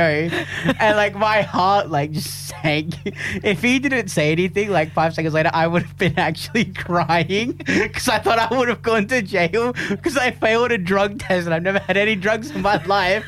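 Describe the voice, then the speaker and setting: A young man co-hosting a radio show, telling a story with animated energy and frequent laughs. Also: fairly high pitch, normal speed, slight background noise. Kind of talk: casual chat. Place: small radio studio.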